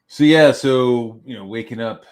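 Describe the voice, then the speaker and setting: A man's voice: medium pitch, unhurried, a little mellow. A man hosting a livestream show, casually telling stories about being a father, swearing freely and restarting his sentences. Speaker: father of young daughters.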